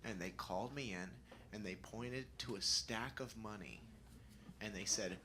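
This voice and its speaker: A young man doing stand-up storytelling, animated and jumping into high squeaky voices for the people he quotes. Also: measured pace, a little hiss or hum. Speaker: stand-up comedian.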